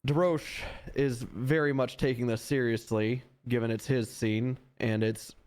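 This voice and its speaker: A man speaking at an everyday middle pitch while he recounts a tense shift in a roleplay game. He tells it in an exasperated, storytelling way and swears freely as he walks through each step. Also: steady tone, unhurried, darkish tone, clean tone. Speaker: roleplay deputy recounting an incident. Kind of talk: in-character roleplay conversation.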